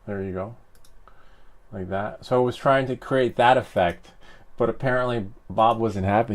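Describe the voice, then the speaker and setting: A man's voice: fairly low pitch, fairly even intonation, measured pace, gravelly. A man chatting casually with his live-stream viewers, rambling and teasing with many fillers and chuckles. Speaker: live streamer and 3D printing hobbyist.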